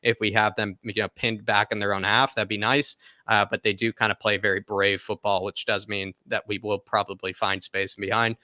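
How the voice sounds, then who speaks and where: A man hosts a football live stream, reading out viewer comments and chatting through his match hopes. His voice sits fairly low but sounds bright and forceful. It's recorded close and dry, with little room sound. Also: flat delivery, fairly quick, no room sound. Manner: chatty, rambling with fillers and laughs. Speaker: football channel host.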